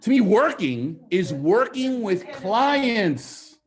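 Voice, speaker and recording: A man in the middle of a live seminar, talking in a fairly high voice that swings up and down as he makes his points. He throws questions at the room and slips into the voices of the clients he quotes. His delivery is energetic and full of push. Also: slow. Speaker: real estate sales trainer. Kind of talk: live seminar talk to an audience.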